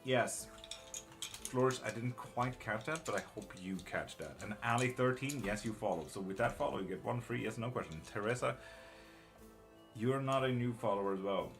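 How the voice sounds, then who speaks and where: With faint music in the background, a middle-aged tarot reader and witchcraft teacher runs a casual live-stream reading, voicing chat comments and muttering curses quietly. He has a mid-range voice and a moderate pace.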